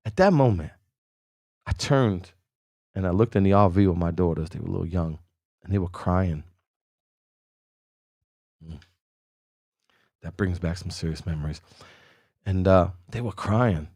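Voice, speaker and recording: A man's voice: low-pitched, a little slow, pauses often, a little mellow, no echo. A man hosting a podcast, earnestly telling a motivational personal story in casual, slangy speech and addressing the listener by name. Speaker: podcast host.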